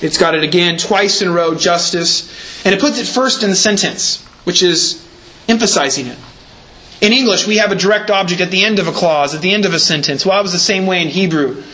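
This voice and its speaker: A man's voice: sits high, fairly quick, sharp tone, low-quality recording. A man preaching a sermon in a church, explaining scripture carefully and leaning hard on repeated words for emphasis. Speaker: pastor.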